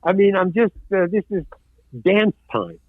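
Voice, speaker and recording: A man's voice: high-pitched, sing-song, measured pace, no room sound. An older man and film actor, a podcast guest telling a story and acting out the other people's lines in it. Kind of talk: anecdote in a podcast interview. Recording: dry, tinny phone-like line.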